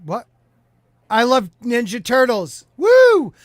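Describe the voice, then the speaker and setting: A man's voice: high voice, expressive, moderate pace, fairly bright tone, no room sound, clean studio sound. A man hosting a livestream podcast panel in playful, joking casual chat, streaming from home. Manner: playful, jokey, teasing. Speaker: podcast host.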